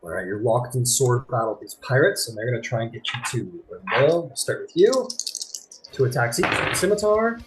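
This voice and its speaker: A man narrating as game master of a tabletop game, chatty and quick to apologize. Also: mid-range voice, noisy background. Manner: lively, chatty, apologetic asides. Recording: faint guitar music behind.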